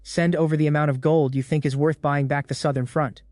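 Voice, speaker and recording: A man's voice: on the high side, fairly quick, no echo, clean studio sound, soft background music, lightly acted. Cold, arrogant commander, read by a man. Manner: calm, chilling, threatening. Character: arrogant young male commander, cold and ambitious.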